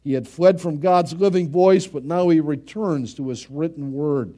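A man preaching a sermon as a pastor, animated, acting out the voices of the people he quotes. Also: a little high, moderate pace.

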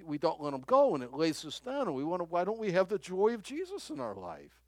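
Older pastor rambling through a story in a sermon, laughs a lot, kinda high voice. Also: male voice, dry recording. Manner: conversational, chuckling storyteller with many restarts.

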